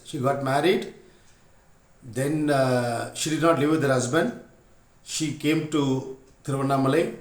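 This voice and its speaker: A man gives a spiritual discourse. He speaks in a somewhat high voice and tells stories at an unhurried pace, pausing often. The recording has a roomy echo. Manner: unhurried storytelling with frequent pauses. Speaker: spiritual teacher.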